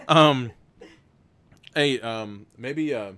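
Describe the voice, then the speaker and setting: A man's voice: on the low side, moderate pace, pushed and bright, clean tone. Chatty, rambling man streaming a gamebook. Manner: rambling, self-interrupting, chatty asides. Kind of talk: casual live-stream narration.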